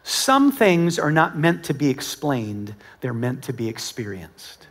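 A middle-aged American man preaching a sermon to a live congregation, telling stories with lively acted-out dialogue and swinging between loud calls and hushed asides. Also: medium pitch, unhurried. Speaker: pastor. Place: church auditorium with live congregation.

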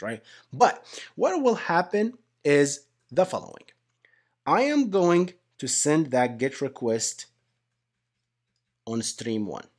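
A young adult man giving a casual whiteboard lecture on software engineering, conversational and animated, often tagging sentences with "right?" and addressing listeners as "guys". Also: a little high, husky.

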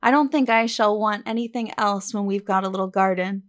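A woman voicing a bright, playful young woman, an affectionate daughter, with a lively, coaxing manner in an audiobook reading. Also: medium pitch, brisk, lightly acted.

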